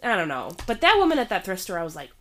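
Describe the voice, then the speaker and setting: A young woman, a pregnant teacher, chatting casually with friends, animated and swearing, jumping into raised voices when she quotes people. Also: mid-range voice, very fast. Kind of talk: casual chat.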